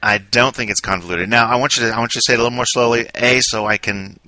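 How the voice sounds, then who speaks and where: A man's voice: medium pitch, fairly even intonation, quick pace, over a noisy crowd. A man hosting an interview, asking questions and encouraging his guest in a conversational way. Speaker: podcast host.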